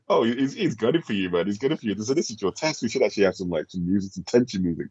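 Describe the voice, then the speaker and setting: Deep husky-voiced podcast co-host. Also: male voice, expressive, quick pace, a little mellow, no echo, highs cut off. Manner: laughs often, reads questions aloud. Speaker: podcast co-host reading listener questions. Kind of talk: casual podcast chat.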